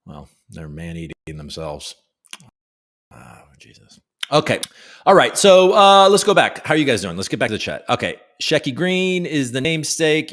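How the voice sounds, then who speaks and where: A man with a fairly low voice hosts a livestream. He reads news headlines aloud in a loose, casual way, breaking off for joking asides. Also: fairly bright tone. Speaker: host.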